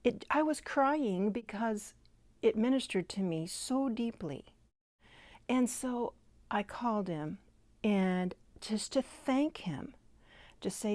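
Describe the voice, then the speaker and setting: A woman tells a personal faith story in an unhurried, deliberate way. Her delivery is earnest and heartfelt, with gentle moments where she sinks into a near-whisper. The recording is close and dry, with no room sound. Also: medium pitch, animated, no echo. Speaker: Christian devotional speaker.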